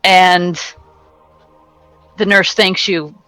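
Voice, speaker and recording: A woman narrating a tabletop game as game master, casual and halting. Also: fairly low pitch, steady tone, a bit bright, no echo, soft background music, poor audio.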